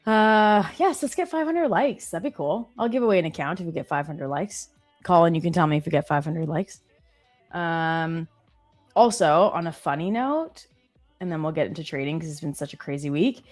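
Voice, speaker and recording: A woman's voice: on the low side, expressive, moderate pace, a little mellow, faint music behind. A woman in her thirties hosting a live trading stream, chatting casually and telling stories with many fillers.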